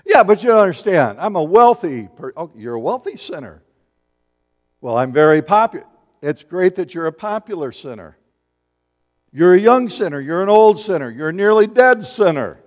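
A man preaching a sermon in a lively, conversational way, asking the congregation questions and acting out little voices. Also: on the high side. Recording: long hall reverb.

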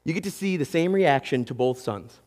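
A man preaching a sermon in an animated way, acting out quotes and talking straight to his audience. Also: on the high side, moderate pace, in a large hall. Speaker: pastor.

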